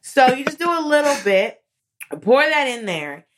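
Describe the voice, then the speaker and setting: A woman comedian chatting casually as a guest, an animated storyteller whose voice swoops high when she acts out moments. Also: moderate pace. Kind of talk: casual interview chat.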